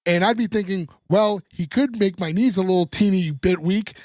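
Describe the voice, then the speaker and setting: A man with a fairly high voice and a casual, lively way of talking, recapping a television episode for his co-hosts. He acts out the characters' lines as he goes, and the sound is dry and close to the mic. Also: normal speed, dry recording. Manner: animated retelling, acting out dialogue. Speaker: podcast co-host recapping a sitcom episode. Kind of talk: casual chat.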